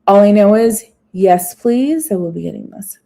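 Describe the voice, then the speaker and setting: A woman's voice: mid-range voice, normal speed, gravelly, mellow. A woman vlogger chatting casually on a live stream, reading menu items aloud with small asides. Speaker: food vlogger.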